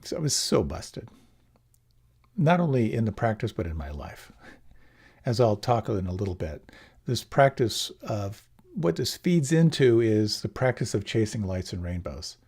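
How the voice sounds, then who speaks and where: A man giving a relaxed, reflective meditation talk, often letting his phrases trail off softly. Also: fairly low pitch, measured pace, slightly rough. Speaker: meditation teacher. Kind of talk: dharma talk.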